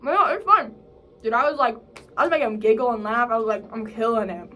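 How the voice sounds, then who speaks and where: High-voiced young woman telling a story. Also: fast, pushed and bright. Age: young adult. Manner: chatty, fillers like "like" and "bro", acts out quotes in a higher voice. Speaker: college vlogger. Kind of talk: casual storytelling vlog.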